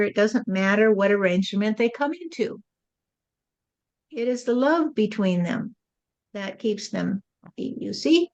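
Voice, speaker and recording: A woman's voice: medium pitch, darkish tone, dull audio. A woman acting as a spirit medium, relaying channeled messages in a musing way and often tagging her lines with "you see.".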